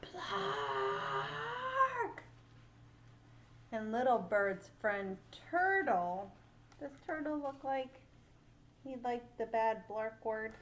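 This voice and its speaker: An older woman, a great-aunt, reading a picture book aloud to children in an animated, playful way, pausing to ask questions. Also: fairly high pitch, slight background noise.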